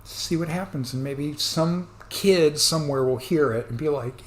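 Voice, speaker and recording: A man rambling through an earnest, apologetic rant as a commentator reacting to the news, breaking into sudden loud bursts. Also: on the high side, normal speed, few pauses, reverberant. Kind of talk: rambling ranting monologue.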